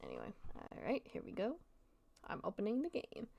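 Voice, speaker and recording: A young woman in her twenties streaming a game live, gushing excitably and swearing casually as she chats to viewers. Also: medium pitch, brisk, vocal fry.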